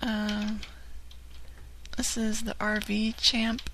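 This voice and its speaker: A woman's voice: medium pitch, level tone, very slow, a bit bright, a little hiss or hum, rough recording. A woman co-hosting a prank call podcast who runs the show in easygoing, casual banter.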